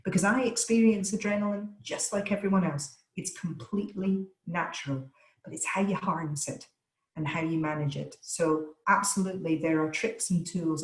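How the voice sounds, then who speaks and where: A woman voice coach answering webinar questions over a video call, stressing her words with deliberate, energetic emphasis. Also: fairly low pitch, reverberant, low-quality recording.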